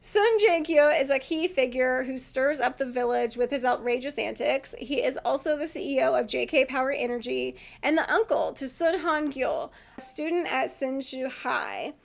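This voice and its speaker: Female vlogger, high voice, gravelly fry, chatty and giggly. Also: expressive, normal speed, few pauses. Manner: chatty, laughs often, acts out quotes. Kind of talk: casual chat about TV dramas.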